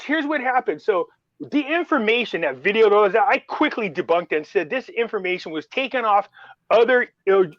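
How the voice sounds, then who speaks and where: A man's voice: sits high, a bit bright, no echo, dull audio. A man chatting casually as host, rambling through a story and acting out what others said. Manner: rambling storyteller, acts out quoted dialogue. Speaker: show host. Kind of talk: casual chat.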